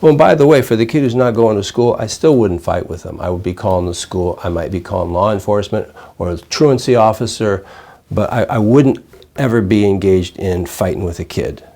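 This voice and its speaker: An older man, a child psychiatrist, calmly explaining parenting techniques to a parent in plain, conversational teaching. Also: on the low side, brisk. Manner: calm, explanatory, plain-spoken. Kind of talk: conversational teaching with role-play examples.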